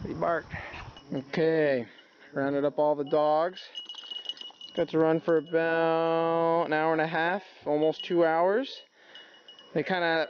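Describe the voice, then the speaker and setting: A man out hunting, training his dog, with high coaxing calls to the dog and low, easy asides to the camera. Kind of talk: outdoor hunting vlog commentary. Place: outdoors in brush and fields. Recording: dull noisy outdoor camera audio.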